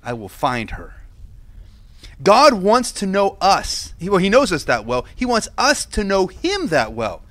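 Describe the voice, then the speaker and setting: A man in his thirties, a pastor, giving a children's sermon at an outdoor church service and telling stories in a lively way. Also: high-pitched, measured pace, few pauses. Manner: lively storytelling with acted-out quotes.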